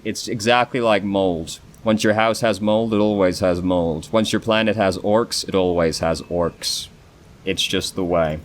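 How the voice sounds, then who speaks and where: Brief: low-voiced man giving profane, casual gaming commentary. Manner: laid-back, profane, rambling. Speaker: let's play host.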